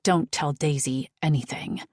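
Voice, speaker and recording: A woman voicing an exasperated woman doctor who speaks bluntly, in a low husky voice. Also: lively intonation, unhurried, dry recording, studio quality, exaggerated voice. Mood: urgent. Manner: frustrated, blunt.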